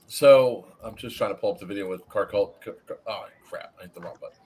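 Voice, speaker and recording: A man's voice: fairly low pitch, quick pace, slight background noise. A man hosting a casual review stream, telling stories with lots of swearing. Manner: animated, swears freely, storytelling.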